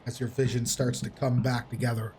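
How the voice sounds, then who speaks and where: A man's voice: mid-range voice, level tone, brisk, warm tone, a little hiss or hum. A man running a tabletop game as game master, narrating casually with lots of fillers and restarts.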